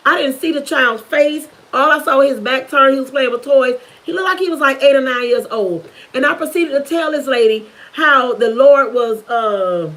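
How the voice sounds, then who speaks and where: A woman's voice: high-pitched, a bit bright, rough recording. A middle-aged woman, giving a fervent, preachy testimony on a livestream, repeating herself for emphasis. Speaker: YouTuber.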